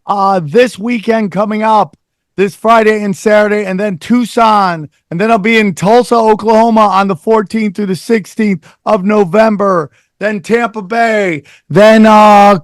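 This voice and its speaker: A man hosts a podcast in loud, crude, joking banter. His voice sits high. The recording is dry and close. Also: dry recording. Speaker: podcast host. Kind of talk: casual podcast chat.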